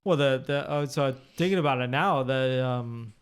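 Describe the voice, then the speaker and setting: A man's voice: medium pitch, moderate pace, smooth. A man talking as a podcast guest in his home, telling a personal story in a blunt, profane, rambling way. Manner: blunt and profane, with many fillers. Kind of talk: candid conversational storytelling. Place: living room of his home.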